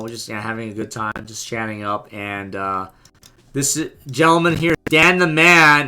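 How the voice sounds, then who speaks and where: A man casually narrating his vlog, excited and rambling with lots of fillers. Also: medium pitch. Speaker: vlogger.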